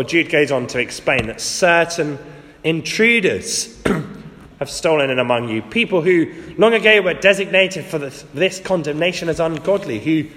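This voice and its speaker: A man gives a sermon from the front of a church, chatty and wry, acting out the quotes he reads. His voice sits a little high. Long reverb from the church hall trails behind each phrase. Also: fairly bright tone. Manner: conversational, lightly humorous, acts out quotes. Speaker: preacher.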